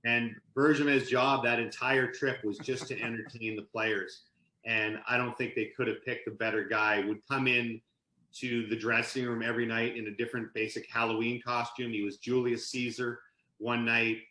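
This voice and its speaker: A man guesting on a podcast as an author and sportscaster, telling animated anecdotes in casual conversation. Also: medium pitch, moderate pace, reverberant, low-quality recording. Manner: animated anecdote-telling, laughs mid-story. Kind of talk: casual storytelling interview.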